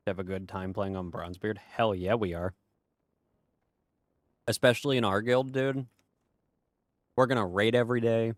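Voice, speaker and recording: Male game streamer, casual livestream chat, laid-back and profane, lowish voice, dry close sound. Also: no echo.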